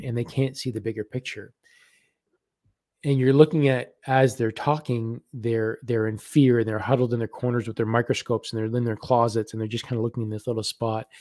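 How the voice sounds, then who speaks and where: A man giving live spiritual readings on a stream, talking gently and haltingly and repeating words as messages come to him. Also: medium pitch, dry recording, clean studio sound.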